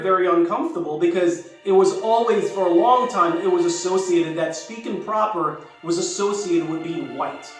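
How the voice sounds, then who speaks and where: A man in his sixties, raised in Jamaica and now speaking with an American accent, telling a personal story in a thoughtful, conversational way that circles back to rephrase. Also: high voice. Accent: American, Jamaican trace lost. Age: 60s. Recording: very echoey, distant mic, faint music.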